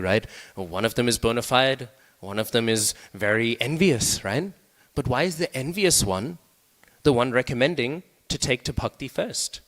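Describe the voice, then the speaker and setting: A man with a gravelly, fairly bright voice on the low side gives a conversational scripture class, frequently checking in with those listening. The long reverb of the temple hall surrounds his speech.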